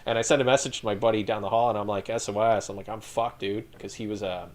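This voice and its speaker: A man's voice: fairly low pitch, fast. Profane storytelling man. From Canada. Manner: profane, laughing, animated storyteller. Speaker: podcast guest, retired infantry soldier. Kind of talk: casual storytelling chat.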